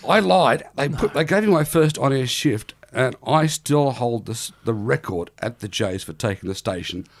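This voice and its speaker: A middle-aged Australian man in casual podcast chat, telling stories in an animated, self-deprecating way and laughing often. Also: mid-range voice, a little slow. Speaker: guest comedian.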